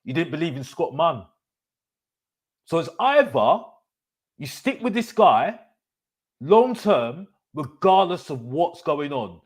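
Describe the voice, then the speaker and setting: Man hosting a live fan stream, emphatic ranter, voice on the higher side. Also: slow, long pauses, breathy edge. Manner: animated, repetitive, emphatic. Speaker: host of a football fan channel. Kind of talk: live-stream opinion rant.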